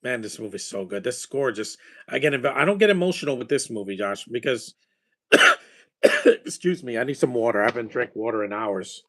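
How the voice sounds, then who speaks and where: A man's voice: mid-range voice, lively intonation, fast, hardly any pauses. A man chatting casually while watching a movie, rambling with enthusiasm about films and their scores. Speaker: movie watcher giving reactions.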